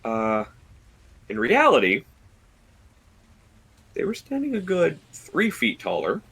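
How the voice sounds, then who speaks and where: A man narrating a tabletop game as dungeon master, describing scenes slowly and deliberately with pauses. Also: a little high, huge pitch swings, fairly bright tone, slightly rough, poor audio.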